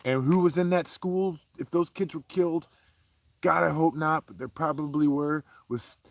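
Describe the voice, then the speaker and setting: A man of around forty hosts a raw, profane rant, dropping to low grumbles and then climbing into heated bursts. His voice sits fairly high for a man. It sounds close and dry, with no room ring at all. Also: moderate pace, gravelly, dry recording. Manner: profane, heated, swinging from low mutters to raised outbursts. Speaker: podcast host. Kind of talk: casual ranting monologue.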